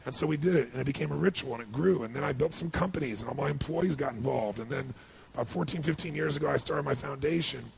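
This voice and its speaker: A man giving an emotional storytelling speech as a motivational speaker, swinging from hushed to loud and high when moved. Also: quick pace, a crowd in the background. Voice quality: gravelly.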